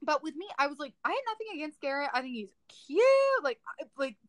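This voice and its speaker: A young woman with a high, bright voice recapping in a dramatic, excitable rush, leaning on "like" constantly. The sound is close and dry, with no room around her. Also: fast, no echo, low-quality recording. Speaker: podcast co-host. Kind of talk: casual chat.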